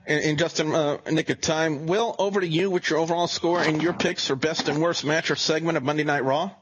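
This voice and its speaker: A man's voice: a little high, steady tone, fairly quick, fairly bright tone, a little hiss or hum, poor audio. A man hosting a casual wrestling review chat, rambling and often restarting his sentences. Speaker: show host.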